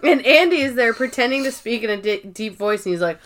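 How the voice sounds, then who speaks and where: Animated woman retelling scenes, swearing freely. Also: a little high, fairly quick. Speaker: podcast co-host. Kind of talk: casual episode recap chat.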